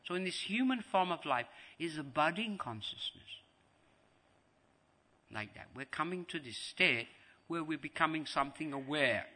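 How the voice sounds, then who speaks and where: A man's voice: fairly high pitch, normal speed. A man giving a devotional lecture as a spiritual teacher, repeating phrases for emphasis and acting out scenes. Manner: animated, acts out scenes.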